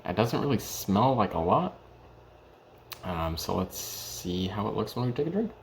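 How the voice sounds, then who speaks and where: A man's voice: fairly low pitch, very animated, a little slow, creaky, slight background noise. A young man in his early twenties chatting casually in a home vlog, hesitant and full of ums and restarts. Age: young adult. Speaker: vlogger reviewing whiskey.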